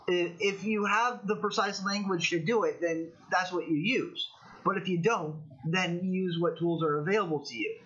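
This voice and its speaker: A man's voice: high voice, sharp tone, husky. A young man with a Californian American accent, hosting a casual livestream of political commentary, rambling with opinions and answering chat. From United States. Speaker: livestream host. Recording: dull lo-fi stream audio.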